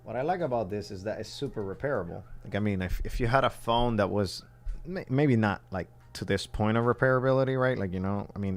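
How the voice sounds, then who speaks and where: A man's voice: lowish voice, vocal fry. A man from the southern United States chatting casually on a livestream while building a phone kit, rambling and thinking aloud as he works.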